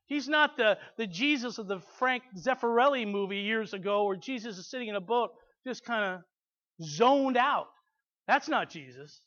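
A man's voice: very high voice, a bit bright. A man preaching a sermon, reading scripture aloud with emphatic asides to the congregation. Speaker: pastor. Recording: slightly dull lo-fi recording.

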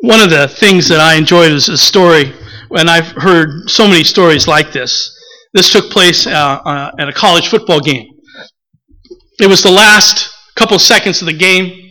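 Pastor guy giving a sermon, bright voice, chatty with lots of uhs. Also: on the high side, moderate pace, low-quality recording. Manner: conversational preaching with filler words and acted-out quotes.

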